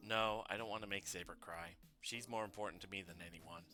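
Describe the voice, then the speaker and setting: A man's voice: deep voice, fairly even intonation, fairly quick, pushed and bright, soft background music. A man streaming a game, reading its narration aloud in a plain, earnest voice.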